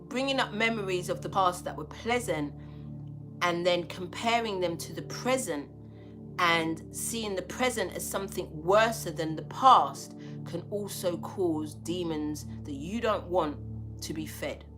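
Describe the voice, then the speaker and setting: A woman's voice: lowish voice, measured pace, over music. A woman giving a spiritual tarot reading, talking bluntly and emphatically with a lot of swearing. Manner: blunt, profane, emphatic preaching.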